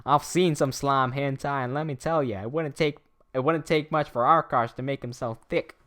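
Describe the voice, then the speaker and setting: A man's voice: mid-range voice, fairly even intonation, normal speed, a bit bright, close to an everyday voice. A young man putting on a drawling rural American man with a put-on Southern US accent. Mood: leering.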